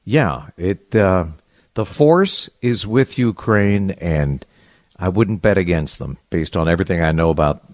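A man's voice: deep voice, animated, unhurried, a little mellow, no echo. A man co-hosting a talk radio show, chatting in a conversational way with fillers. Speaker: radio co-host.

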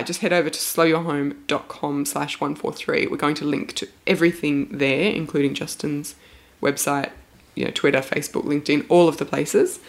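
A woman hosting a casual podcast chat, talkative and laughing often, a little spaced out. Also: deep voice. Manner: chatty, laughs often, reads listener offers. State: a little medicated, sounds spaced out. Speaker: podcast host.

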